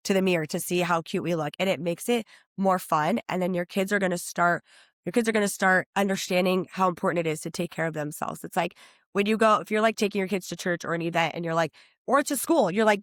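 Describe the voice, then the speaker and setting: A woman in her thirties, a personal stylist guest on a podcast, talking in an upbeat, chatty way and acting out quotes in higher voices. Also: fairly even intonation, fast, dry recording, studio quality. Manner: enthusiastic, chatty, acts out quotes with high-pitched voices.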